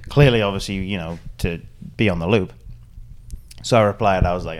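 A man's voice: fairly low pitch, animated, normal speed, long pauses. A man hosting a casual podcast, rambling and repeating words as he laughs along with friends. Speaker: podcast host, golf caddie. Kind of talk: casual chat.

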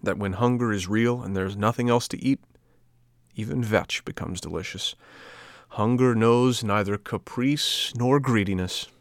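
A man voicing a large, kindly male pigeon in a storybook reading, talking in a calm, earnest, explaining way. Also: lowish voice, measured pace, creaky, no echo, studio quality. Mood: wise.

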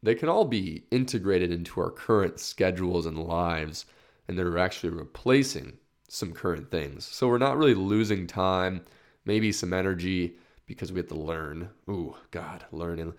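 A man hosting his own solo podcast in a casual, rambling way, swearing freely and laughing at himself as he gets fired up. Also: normal speed. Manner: rambling with restarts, excited rises in pitch. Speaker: podcast host.

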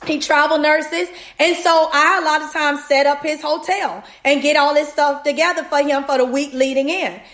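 Talking at a moderate pace with few pauses, a woman with a high voice gives an animated, casual motivational sermon for her devotional podcast. She addresses listeners directly as "y'all," and the recording sounds roomy.

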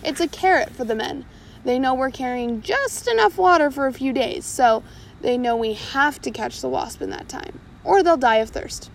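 A woman's voice: sits high, animated, moderate pace, gravelly, slight background noise. Woman doing a sneering, cruel pirate captain. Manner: sneering, self-satisfied.

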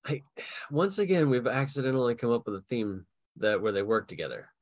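A medium-pitched man, recorded dry, co-hosts a podcast and acts as dungeon master. He chats animatedly about building game characters, laughing a lot and acting out quick snippets of dialogue as he brainstorms.

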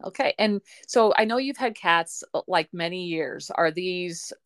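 Giggly, animated woman podcast host. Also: on the low side, unhurried, no echo. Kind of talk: casual interview chat.

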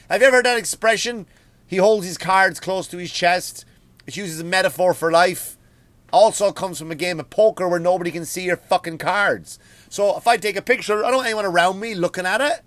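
Profane Irish comedian ranting at home. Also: male voice, high voice, no room sound. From Ireland. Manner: profane, animated storytelling. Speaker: comedian and podcast host. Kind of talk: comedic rant.

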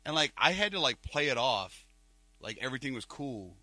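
A man's voice: medium pitch, big pitch swings, normal speed, sharp tone. A man co-hosting a podcast, telling a rambling story in casual chat, full of fillers and restarts. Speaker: podcast co-host. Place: Cleveland, Ohio.

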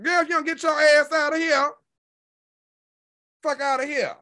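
A man's voice: very high-pitched, fairly even intonation, normal speed, pushed and bright. A man hosting an online show, delivering a sassy, profanity-heavy rant full of insults.

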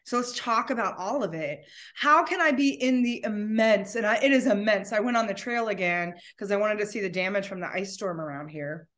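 A woman's voice: mid-range voice, a little fast, fairly bright tone. A woman talking as a guest in an emotional, heartfelt conversation, at times near tears.

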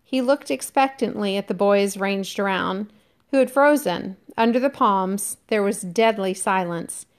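A woman teacher reading a novel aloud to her class in a steady, measured way. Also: mid-range voice, smooth.

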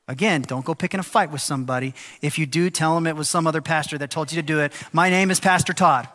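A male pastor preaching a sermon, animated and lively, often acting out the voices of people in the story. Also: on the high side, fast talker. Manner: animated, acts out quoted voices. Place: church sanctuary. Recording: long hall reverb.

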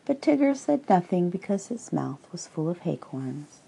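A woman reads a children's storybook aloud, slow and gentle. Her voice is low, dark and husky with a gravelly edge. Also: sing-song, rough recording. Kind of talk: storybook reading.

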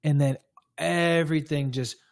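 A man's voice: on the high side, fairly even intonation, a little slow, gravelly, no room sound. A man guest, a breathwork coach, telling a candid personal story in a casual, loose way with many fillers.

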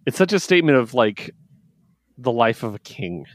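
Speaking at normal speed in a mid-range voice, this man co-hosts a casual comic review podcast. He laughs a lot and animatedly acts out quotes from the books, captured in a dry, studio-quality recording.

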